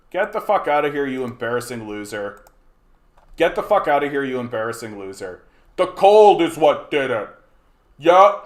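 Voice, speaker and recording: A man from Canada hosting a livestream, ranting angrily at his chat, mocking and swearing, often repeating and stumbling over words. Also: fairly high pitch. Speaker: livestream host. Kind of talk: angry rant to a live chat.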